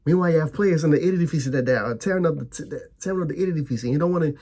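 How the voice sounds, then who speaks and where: Brief: young adult male fan-vlogger, husky, a touch high, angry profane rant. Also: racing, dark tone. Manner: heated, profane, repetitive ranting with stammered restarts. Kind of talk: ranting fan reaction.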